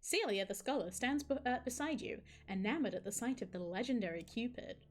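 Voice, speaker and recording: Casual female streamer, chatty, frequent asides to chat, slightly high pitch. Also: lively intonation, a little fast. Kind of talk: live game stream, reading story aloud and chatting.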